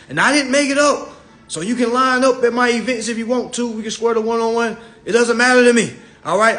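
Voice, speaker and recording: A man giving a blunt, confrontational livestream lecture, reading law text aloud slowly and then arguing with his audience, recorded on a phone. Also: very high voice, fairly bright tone. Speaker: livestream speaker.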